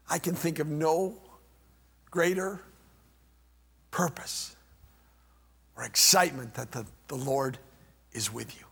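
An older man preaches with fervor, his voice climbing to shouts and sinking to near whispers. His tone is bright and a little husky. Long church reverb trails each phrase. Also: a little high, expressive, takes it slowly, pauses often. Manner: impassioned, rising to shouts then dropping to near whispers. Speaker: pastor. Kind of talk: sermon.

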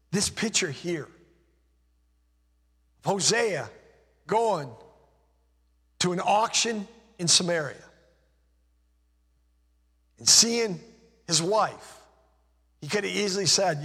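A man preaching a sermon with impassioned delivery, his voice dropping low and soft on key phrases. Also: expressive, takes it slowly, pauses often, husky, in a large hall.

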